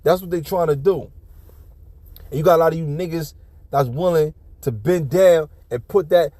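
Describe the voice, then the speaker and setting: A man's voice: a little high, moderate pace, dark tone, no echo. A man giving casual ranting commentary on a video clip, blunt, profane and preachy, often restarting his sentences.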